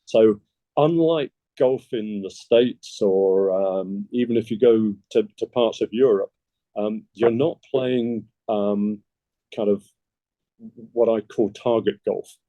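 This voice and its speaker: A man with a low, mellow voice talks through anecdotes in a relaxed interview manner. He is a golf club secretary, and the recording sounds dull and lo-fi. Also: slow pace, dry recording. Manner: easygoing anecdotal speaker. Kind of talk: casual interview storytelling.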